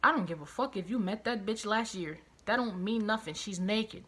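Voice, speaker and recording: A woman vlogger telling a personal story, animated and profane, hammering her points home through repetition and outraged disbelief. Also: medium pitch, moderate pace, husky. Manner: animated, profane, emphatic retelling with heavy repetition; outraged, incredulous. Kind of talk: storytime vlog.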